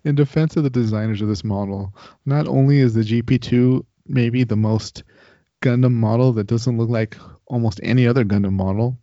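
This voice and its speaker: Mellow-voiced man joking on a podcast. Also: medium pitch, fairly even intonation, normal speed, no room sound. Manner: joking, playful asides. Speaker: podcast co-host. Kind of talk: casual chat. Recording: dry, muffled lo-fi audio.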